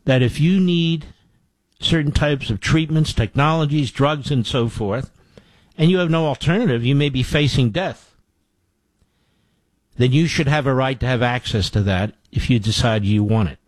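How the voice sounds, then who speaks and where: There's no echo on this medium-pitched male voice, which moves at a moderate pace. He hosts a political talk show, giving an opinionated, indignant monologue and repeating phrases emphatically for effect.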